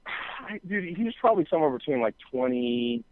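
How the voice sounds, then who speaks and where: A podcast co-host with a slightly high, very animated, brisk voice rambles through a long story in casual chat, packing it with fillers and swearing and acting out what other people said. The recording is dry and tinny, like a phone.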